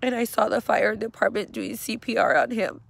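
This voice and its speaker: A middle-aged woman slowly and haltingly retelling a painful memory, speaking outdoors. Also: on the high side, steady tone, creaky. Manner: slow, halting, emotional retelling. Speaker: grieving mother. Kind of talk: personal storytelling vlog. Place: outdoors at a cemetery.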